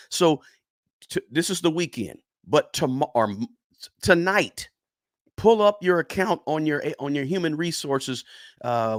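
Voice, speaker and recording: A personal finance YouTuber talks casually to camera in a lively, dry, mid-range voice with no echo. He's emphatic, repeating words for stress and often saying "right?"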